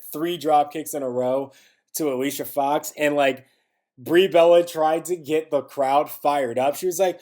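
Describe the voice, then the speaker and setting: A man hosting a casual wrestling review, rambling with lots of filler words and growing exasperated. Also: medium pitch. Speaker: wrestling podcast host.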